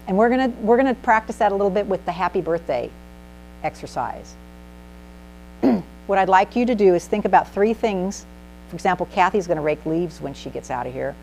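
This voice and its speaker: A woman giving an animated, emphatic presentation to a small group in a meeting room, asking the audience questions as she teaches. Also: fairly low pitch, creaky, a little hiss or hum, poor audio. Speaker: speaker at a speaking club. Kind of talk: instructive presentation.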